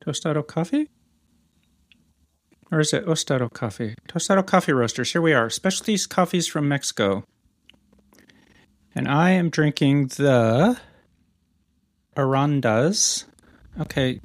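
A man co-hosting a casual podcast, chatting in a loose, playful way that wanders off on tangents and teases his co-host. His voice sits at an ordinary middle pitch. The sound is dry and close, with no room around it. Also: dry recording. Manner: playful, rambling, teasing. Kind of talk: casual chat.

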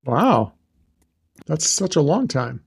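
A man co-hosting a podcast in casual chat, making wry, deadpan jokes. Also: fairly high pitch, slow, creaky, breathy edge. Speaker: podcast co-host.

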